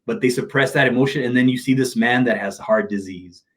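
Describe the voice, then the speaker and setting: A man's voice: mid-range voice, brisk. A middle-aged man, a motivational speaker, speaking openly and emotionally in an interview, telling personal stories in casual slang. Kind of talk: candid interview talk.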